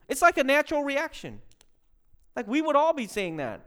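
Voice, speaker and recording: A man delivers a sermon as a pastor, with a notably high voice. He talks with lively energy, slipping between English and another language and acting out the people he quotes. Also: normal speed.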